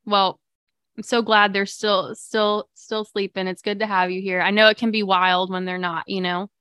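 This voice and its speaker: A woman's voice: medium pitch, flat delivery, moderate pace, pushed and bright, smooth, no echo, clean studio sound. Chatty woman hosting a live stream. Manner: chatty, upbeat, lots of fillers. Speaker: livestream podcast host. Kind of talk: casual live chat with viewers.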